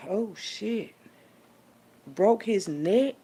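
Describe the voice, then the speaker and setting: A woman delivering a profane, preachy rant as a little sermon, swinging between hushed asides and loud outbursts. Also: on the low side, animated, moderate pace, vocal fry, slight background noise. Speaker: vlogger giving a street sermon.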